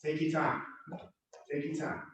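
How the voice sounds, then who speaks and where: A man's voice: on the high side, completely flat delivery, measured pace, noisy background. Man coaching in an echoey gym. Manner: reassuring, repetitive coaching cues. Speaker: self-defense instructor. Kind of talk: coaching a drill. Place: martial arts gym. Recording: very echoey room, from far off.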